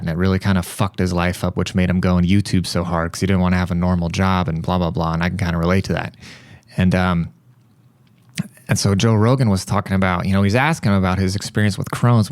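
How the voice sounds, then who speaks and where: A young man hosting a podcast, telling a story in a rambling, profane, animated way. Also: deep voice, dry recording. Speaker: podcast host. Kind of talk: casual monologue.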